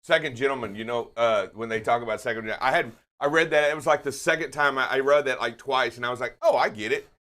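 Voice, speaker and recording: Emphatic, jokey man, mid pitch, trucking-show co-host. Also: quick pace, hardly any pauses. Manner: warm-hearted, emphatic, jokey. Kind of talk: casual live-stream chat.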